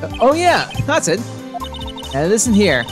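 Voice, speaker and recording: A woman's voice: medium pitch, big pitch swings, unhurried, music in the background, voice pushed up. A woman voicing a brash, pushy woman photographer from a video game, with a put-on Southern drawl and folksy, boastful talk.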